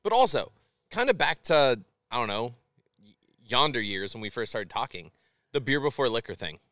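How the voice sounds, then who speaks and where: A man guesting on a beer podcast, telling animated stories and swearing freely. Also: medium pitch, normal speed, no echo. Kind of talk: casual chat over beers.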